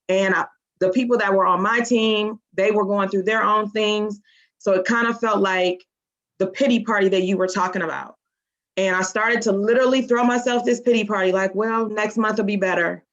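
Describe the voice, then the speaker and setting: A woman shares an earnest, emotional personal testimony with her team on a group call, sounding close to tears. Her voice is mid-pitched, and the audio comes through dull and lo-fi. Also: fairly quick, a bit bright. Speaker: team member.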